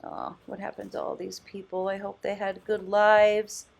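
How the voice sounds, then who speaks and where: Woman, thrift vlogger, casual commentary, enthusiastic, thinks out loud, mid pitch. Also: completely flat delivery, normal speed, gravelly, muffled recording. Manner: chatty and enthusiastic, exclaims and laughs often; muses aloud, thinking out loud.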